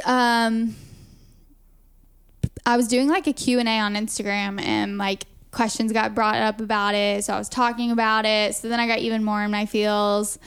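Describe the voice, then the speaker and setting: Woman, podcast co-host, casual chat, filler-heavy, clear smooth tone. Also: a little high. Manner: chatty, laughs often, many "like" fillers.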